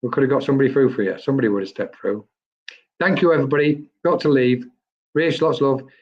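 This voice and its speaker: Male medium for a live stream reading, chatty, mid pitch, dull lo-fi sound. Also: quick pace. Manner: chatty, addresses viewers by name, quotes spirits.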